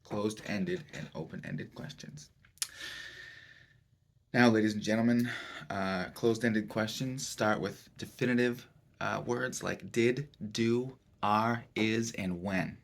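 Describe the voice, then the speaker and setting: Male comic host, low gravelly voice, slow rambling mock-guru delivery. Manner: slow, rambling, mock-serious lecturing with filler words. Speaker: comedic self-help presenter. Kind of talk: deadpan parody self-help lecture.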